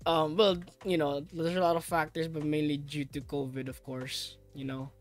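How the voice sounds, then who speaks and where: A man's voice: fairly high pitch, level tone, normal speed, faint music behind. A young man from the Philippines hosting a casual podcast, rambling and laid-back, swearing offhandedly. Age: young adult. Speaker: podcast host. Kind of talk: casual chat.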